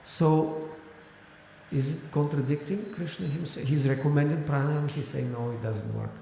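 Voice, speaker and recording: A man's voice: on the high side, moderate pace, vocal fry, warm tone, a little hiss or hum. A man teaching a scripture class, explaining at length with frequent fillers and restarts. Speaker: spiritual teacher. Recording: echoey hall with long reverb.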